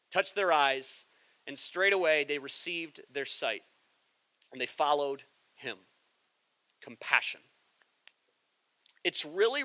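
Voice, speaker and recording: A man preaching a sermon in a church, stumbling over repeated words as he builds up and loudly acting out crowd voices. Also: fairly high pitch, no room sound, low-quality recording. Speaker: pastor.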